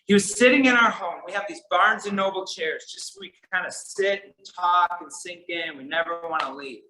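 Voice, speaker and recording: A man with a high, bright voice delivers a storytelling conference speech. His tone is earnest and shifts between soft, quiet passages and emphatic ones. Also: normal speed, slight background noise, low-quality recording. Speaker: keynote speaker.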